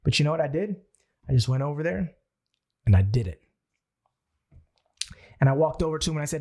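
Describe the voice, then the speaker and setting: A young man leads a motivational sales training, speaking a little higher than most men. His voice has a gravelly fry, and he tells his stories in a lively way, acting out his own thoughts as he goes. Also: fairly quick, long pauses. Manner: animated storyteller who acts out his own thoughts. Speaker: network marketing trainer.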